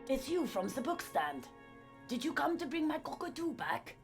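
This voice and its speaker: A man voicing a nervous, overly polite middle-aged housewife in a soft, hesitant falsetto. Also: big pitch swings, moderate pace, gravelly, soft background music, exaggerated voice.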